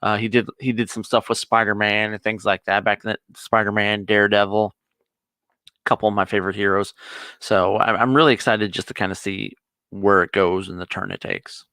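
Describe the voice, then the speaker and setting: Bright-toned man recapping a show. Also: on the low side, steady tone, brisk, clear, resonant tone, dry recording. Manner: eager, rambling retelling. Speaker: co-host of a nerd review show. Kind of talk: casual chat recapping a TV episode.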